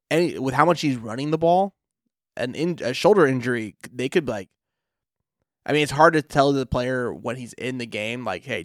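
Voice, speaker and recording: A man co-hosting a fantasy football podcast, relaxed and agreeable, full of fillers like "I mean" and "like". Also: medium pitch, dry recording, clean studio sound. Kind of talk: casual sports chat.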